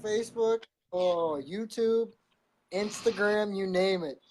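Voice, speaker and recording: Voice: mid-range voice, takes it slowly, noisy background. A guest on a live web show, bantering playfully and laughing easily in casual chat.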